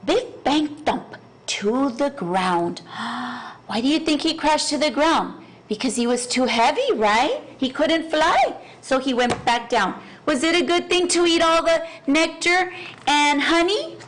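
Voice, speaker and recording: A middle-aged woman at a school, reading a picture book aloud to children and asking them questions in an animated way. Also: sits high, takes it slowly. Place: school office.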